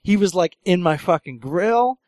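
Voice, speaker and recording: A comedian hosting a podcast, telling road stories in casual chat, acting out voices, laughing often and swearing freely. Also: male voice, high voice, expressive, moderate pace, darkish tone, dry recording. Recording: dry close mic.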